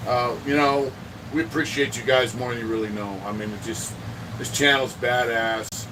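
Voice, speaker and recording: A man's voice: mid-range voice, steady tone, moderate pace, distant mic, background noise. Profane man rambling on a livestream. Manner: profane, rambling, greets viewers by name. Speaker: livestream host. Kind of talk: casual livestream chat. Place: indoor home art studio.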